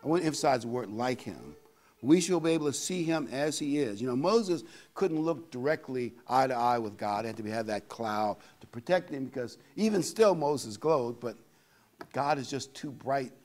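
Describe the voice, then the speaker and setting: An older man preaching a sermon in a folksy, conversational way, reading scripture aloud and pausing to find verses. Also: medium pitch, expressive, darkish tone. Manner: pauses often with fillers to find verses. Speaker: pastor.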